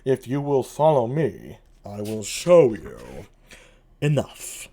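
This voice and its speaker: Mopey male villain, man voicing, solo play reading, animated pitch. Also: takes it slowly, heavily acted. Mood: mopey scheming. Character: mopey sulking male villain, sighing and gloomy.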